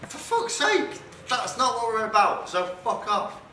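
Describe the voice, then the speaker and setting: A man's voice: very high-pitched, sing-song, measured pace, pushed and bright, slight background noise. A man firmly ordering another man to leave, swearing and cutting him off. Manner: firm, swearing, ordering someone out. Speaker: man removing someone from a room. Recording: echoey room from far off.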